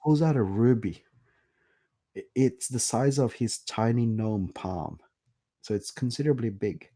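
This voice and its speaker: A man narrating as game master, relaxed and hesitant with many fillers. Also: medium pitch, unhurried.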